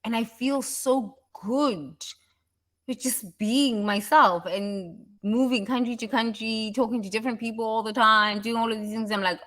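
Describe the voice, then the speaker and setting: A woman giving a casual motivational talk, animated and laughing often, breaking into mocking impressions. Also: normal speed. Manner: animated, laughs often, mimics others in high voices. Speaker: self-help speaker.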